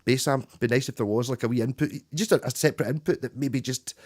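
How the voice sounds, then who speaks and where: A man plays guitar at home while hosting a livestream, chatting with viewers in a rambling way and restarting his sentences often. He speaks fast, with a mid-range, darkish voice, recorded at studio quality without echo.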